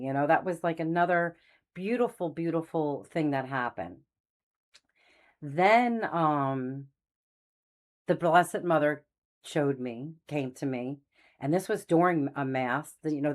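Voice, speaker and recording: A middle-aged woman hosting a faith channel, telling her story in a casual, meandering way and losing her train of thought. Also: low voice. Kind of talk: casual spoken testimony.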